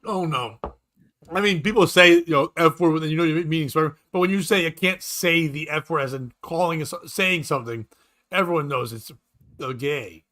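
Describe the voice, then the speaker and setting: A man chats on a podcast in a bright, forceful voice that sits a little high. He is animated and crude, swearing freely and slipping into voices as he tells stories. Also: moderate pace. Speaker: podcast co-host. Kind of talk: casual chat.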